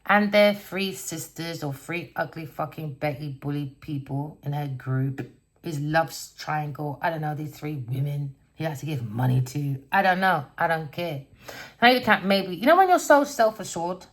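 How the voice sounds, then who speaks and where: A woman's voice: low voice, normal speed. A woman giving a casual tarot reading, blunt and rambling, swearing constantly as she tells stories. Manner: storytelling, rambling. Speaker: tarot reader.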